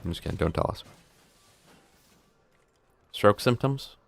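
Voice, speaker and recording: A man's voice: on the low side, expressive, measured pace, vocal fry. A man streaming a video game live, joking around and chatting to his viewers. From United States. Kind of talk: live gameplay commentary.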